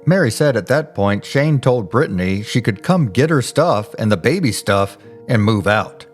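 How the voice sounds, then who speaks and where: Low-voiced man narrating true crime. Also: lively intonation, moderate pace, soft background music. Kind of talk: scripted narration.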